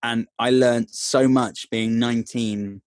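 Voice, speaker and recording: A man's voice: medium pitch, steady tone, takes it slowly, no echo, clean studio sound. A man, an actor and voice actor, talking in earnest, reflective casual conversation, often restarting his sentences. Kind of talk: casual chat.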